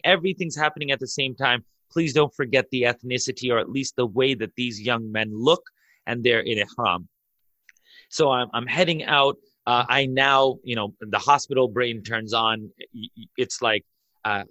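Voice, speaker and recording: A man with a bright, forceful voice recounts a story in a podcast chat. He is excitable, laughs between lines and rushes in bursts. The sound is close and dry. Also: mid-range voice, no echo. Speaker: imam and podcast guest.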